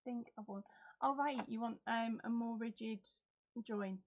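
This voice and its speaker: Livestream host, middle-aged woman, rambling and giggly, somewhat high-pitched, lo-fi webcam audio. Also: a little slow. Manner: chatty, giggly, reads out viewer comments. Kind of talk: casual live chat.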